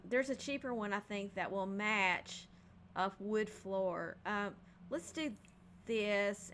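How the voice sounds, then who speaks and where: A woman talks through a game home build in a relaxed, chatty way, pausing often with ums as she decides. Her voice sits at an ordinary middle pitch. A faint hiss runs under the recording. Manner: chatty, thinking aloud with frequent ums. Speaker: game building video creator. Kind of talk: casual gameplay narration.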